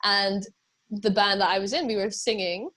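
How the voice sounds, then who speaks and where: A woman's voice: medium pitch, fairly even intonation, moderate pace, a bit bright. A young British woman from England, a musician chatting casually in an interview, rambling with many fillers and laughs. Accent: British English. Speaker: musician guest.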